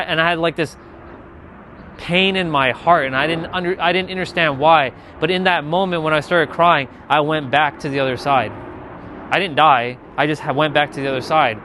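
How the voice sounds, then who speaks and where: Guy with a slightly high voice opening up about his spiritual journey, earnest, rambly, keeps restarting sentences. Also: pushed and bright, slight background noise. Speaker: spiritual content creator. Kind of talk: personal spiritual confession.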